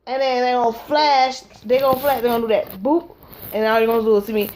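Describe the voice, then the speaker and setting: A woman with a high voice tells a rambling, comic story at home. She is animated and breaks into silly voices and sound effects as she acts out each scene. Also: rapid-fire, a little hiss or hum. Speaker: vlogger and mother. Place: home at her child's naptime.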